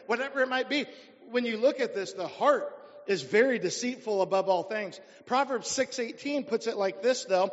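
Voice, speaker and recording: Male pastor, high voice, sermon with call-and-response questions, dull hall recording. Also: animated, normal speed. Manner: preaching with rhetorical questions to the congregation. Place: church sanctuary. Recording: dull sound in a reverberant church hall.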